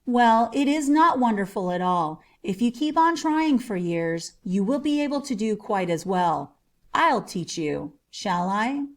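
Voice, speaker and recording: A woman voicing a big, easygoing forest outlaw who speaks calmly and teasingly. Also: medium pitch, measured pace. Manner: calm, teasing.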